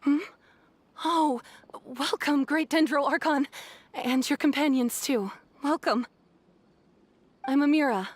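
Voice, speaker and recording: An actress voicing a cheerful, gentle young flower shop owner in a game, sweet and welcoming. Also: female voice, high-pitched, slow pace, pauses often. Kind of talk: game character dialogue.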